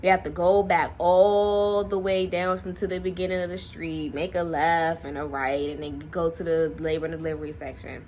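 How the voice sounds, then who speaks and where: A young woman vlogger casually telling a personal story to camera, animated and laughing often. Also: fairly low pitch, normal speed, hardly any pauses, a little hiss or hum. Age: young adult.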